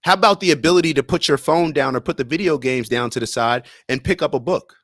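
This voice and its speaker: Young guy on a livestream reading chat comments, kinda high voice, dry close mic. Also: fast, fairly bright tone, no room sound. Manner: conversational, reads viewer comments aloud; argumentative, uses sports comparisons. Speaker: livestream host.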